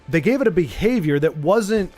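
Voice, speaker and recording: A man hosting a stream, chatting casually in a rambling, animated way. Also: high voice, faint music behind. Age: adult with a young child. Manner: rambling, animated, does quick silly voices. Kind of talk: casual chat.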